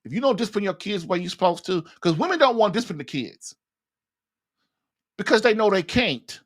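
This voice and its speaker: A man's voice: sits high, expressive, brisk. A man hosting a podcast, giving blunt, folksy marriage advice. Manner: blunt, folksy, laughs at his own points. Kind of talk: casual advice monologue.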